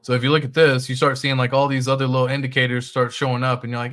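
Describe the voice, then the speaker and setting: A man's voice: mid-range voice, level tone, fast talker, hardly any pauses, fairly bright tone. A man hosting a crypto livestream, talking loosely through charts and reading viewer chat, with the odd swear.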